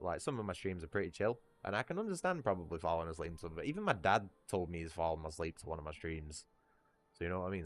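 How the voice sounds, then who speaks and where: A man with a northern Lancashire accent chatting casually on a livestream, rambling, swearing freely and laughing at himself. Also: low-pitched. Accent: northern English, Lancashire.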